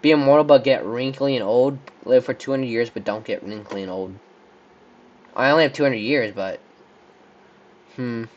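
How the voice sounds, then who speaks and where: Give me a young guy casually playing would-you-rather on camera, mid-pitched and easygoing, with a slightly muffled home recording. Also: moderate pace, pauses often. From Texas. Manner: rambling, thinking aloud with many likes and restarts. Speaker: channel host. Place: room with a squeaky chair.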